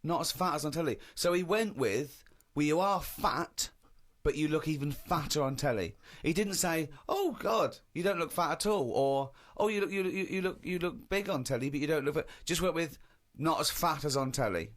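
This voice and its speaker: A man's voice: a little high, animated, normal speed, few pauses. An English man in his forties on a casual comedy podcast, telling a story in a wry, sarcastic way. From England. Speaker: co-host.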